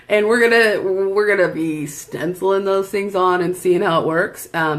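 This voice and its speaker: A woman at home chatting casually while doing her makeup in front of a camera, rambling and laughing often. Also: lowish voice. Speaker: makeup vlogger and seller. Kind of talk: casual tutorial chat.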